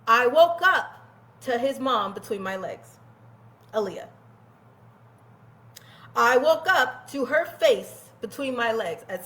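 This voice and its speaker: Woman, storytelling, candid, swears freely, laughs often, slightly high voice. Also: fairly bright tone. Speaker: guest telling her life story. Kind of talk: casual storytelling.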